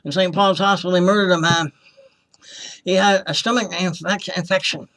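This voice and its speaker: Impassioned high-voiced man giving testimony. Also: steady tone, moderate pace, bright, forceful tone. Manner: impassioned and accusing, repeats himself, acts out quoted voices. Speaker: former hospital patient giving testimony. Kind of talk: personal testimony, storytelling.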